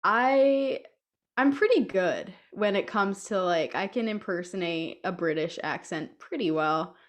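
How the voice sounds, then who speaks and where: A woman's voice: medium pitch, measured pace. A young woman co-hosting a podcast from home, chatting casually and laughing often as she tells stories. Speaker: podcast co-host. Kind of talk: casual chat. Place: home room with a cat.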